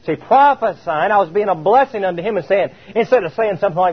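A man delivers a sermon in a husky, fairly high voice, leaning hard on his words and stretching them out. He keeps asking his listeners rhetorical questions. The recording is dull and lo-fi. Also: expressive. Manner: emphatic, drawn-out, rhetorical questions. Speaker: preacher.

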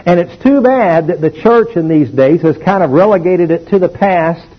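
A man preaching a sermon, emphatic and animated, calling on the congregation to repeat after him. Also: sits high, moderate pace. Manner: emphatic, animated teaching with call-and-response. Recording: dull lo-fi old recording.

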